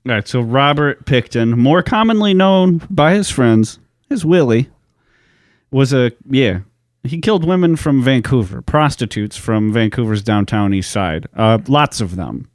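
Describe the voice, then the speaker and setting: A man's voice: mid-range voice, expressive, unhurried. Sometimes this is a man in the middle of his range, trading crude jokes while he runs through a grim story in casual podcast chat. His voice sits close to the mic in a dry room with no echo to speak of. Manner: joking, profane banter. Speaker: podcast co-host.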